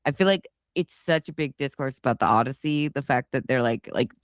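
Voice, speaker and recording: A woman's voice: a bass voice, fairly quick, no echo, clean studio sound. A woman co-hosting a film podcast, chatting casually and animatedly, swearing often. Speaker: podcast co-host. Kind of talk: casual chat.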